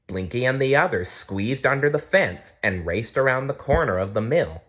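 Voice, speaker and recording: A man reading a children's storybook aloud, gently and with small restarts. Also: medium pitch, expressive, moderate pace.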